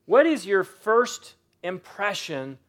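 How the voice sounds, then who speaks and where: A man preaching a sermon, earnest and emphatic, repeating phrases for weight and reading scripture slowly and dramatically. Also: high voice, very animated, a bit bright. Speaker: pastor.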